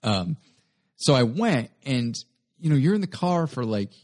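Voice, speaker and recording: A man's voice: medium pitch, very animated, measured pace, a little mellow. A young adult man, a guest comedian, telling a rambling story in a casual interview and often correcting himself mid-sentence.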